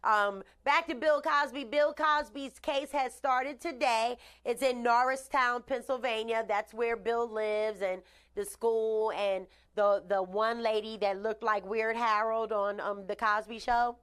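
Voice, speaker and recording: A woman's voice: fairly high pitch, steady tone, a little slow, clean tone. Chatty woman hosting a live stream. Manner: chatty, gives shout-outs, blunt opinions. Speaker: host. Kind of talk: casual live-stream talk.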